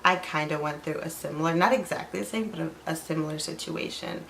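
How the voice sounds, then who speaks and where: Young woman storytelling to camera, says like a lot, lots of fry, bit of faint noise behind. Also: low-pitched, quick pace, fairly bright tone, low-quality recording. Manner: chatty, fills with "like", acts out quoted lines. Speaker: vlogger. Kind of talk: casual storytelling.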